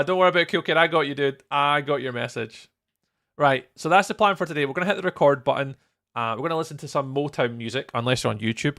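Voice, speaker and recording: A man's voice: mid-range voice, creaky, sharp tone. A young Scottish man streaming a game build live, chatting casually, greeting viewers by name and laughing often. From Scotland.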